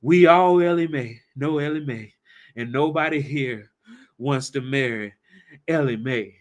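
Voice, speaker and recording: A man's voice: medium pitch, unhurried, natural voice. A man voicing a polite young suitor who answers with hesitant, respectful replies.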